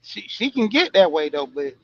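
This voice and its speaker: A man's voice: high-pitched, very animated, moderate pace, dry recording, dull audio. A man chatting casually in a folksy, drawling way. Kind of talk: casual chat.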